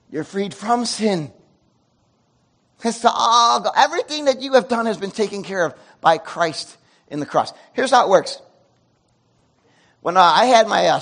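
A man preaching a sermon to a congregation, animated, with loud emotional peaks and quiet asides. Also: high-pitched. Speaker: pastor. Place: church sanctuary before a congregation.

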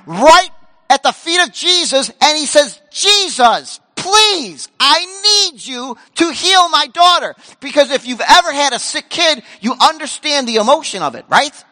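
High-voiced preacher in a reverberant hall. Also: male voice. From grew up in a Korean church community. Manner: animated, acts out quoted voices, shouts for emphasis. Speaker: pastor. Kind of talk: sermon. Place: church sanctuary.

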